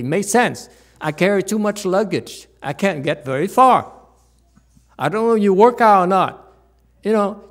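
Delivering a dharma talk, this male Buddhist teacher has a voice that sits high. His speech is animated and rhetorical, often restarting and full of fillers.

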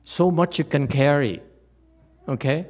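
A man as a Buddhist teacher giving a dharma talk, rhetorical and animated, with many fillers and restarts. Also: on the high side, measured pace.

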